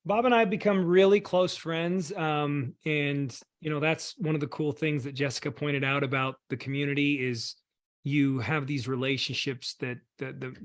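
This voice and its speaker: A man's voice: fairly high pitch, fairly even intonation, normal speed, dry recording. Effusive male host on a dry call. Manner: warm, effusive, appreciative. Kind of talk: casual chat on a video call.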